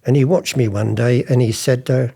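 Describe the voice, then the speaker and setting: An older man who once forged art tells anecdotes in a chatty interview, acting out past conversations in different voices. His mid-range voice is steady, gravelly, and mellow with a breathy edge, at a moderate pace.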